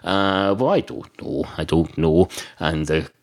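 Deadpan rambling male comic. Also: sits low. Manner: deadpan and digressive, with halting restarts. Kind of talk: rambling improvised comic monologue.

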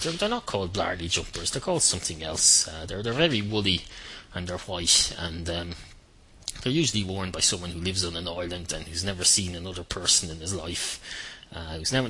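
A middle-aged Irish man with a low, very bright voice delivers a deadpan, rambling monologue at home with a faint hiss behind him. He wanders off track often, full of uhs and restarts. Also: poor audio. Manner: deadpan, meandering, many fillers and restarts. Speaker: podcast host. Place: at home at night.

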